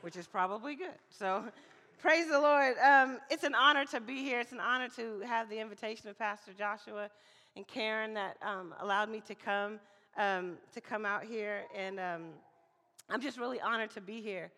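A woman from Mississippi preaching as a guest speaker, chatty and lively, often calling for amens, her voice slightly hoarse. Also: a little high, moderate pace. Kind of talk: sermon. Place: church hall. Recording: church hall reverb.

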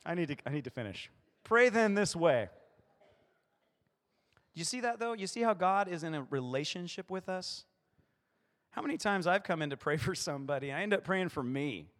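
A man's voice: on the high side, expressive, fast talker, a bit bright, in a large hall. A male pastor preaching a playful sermon, acting out short voices in his stories.

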